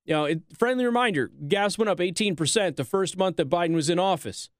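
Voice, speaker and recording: A man hosting a talk show, delivering a sarcastic, animated political commentary monologue. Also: high voice, fast talker, no echo, studio quality.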